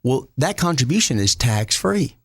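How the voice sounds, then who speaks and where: A middle-aged man talks as an interview guest, his pitch rising and falling lively as he lays things out step by step. His manner is folksy and plain-spoken, with quick self-corrections along the way. The sound is dry and close, with no room ring. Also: husky, no room sound. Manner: folksy, plain-spoken explainer who corrects himself mid-sentence. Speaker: state treasurer, interview guest. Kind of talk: explanatory interview talk.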